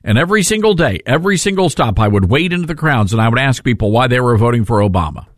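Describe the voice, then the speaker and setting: A man's voice: mid-range voice, animated, fast talker, no echo. A male talk radio host on a studio mic, combative and sarcastic. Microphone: studio microphone.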